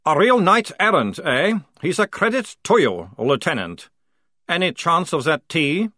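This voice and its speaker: A man voicing a relaxed, cocky enemy sergeant who talks in a sarcastic, mocking drawl. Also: on the high side, measured pace, no room sound, studio quality, pitched above the performer's own voice, exaggerated voice.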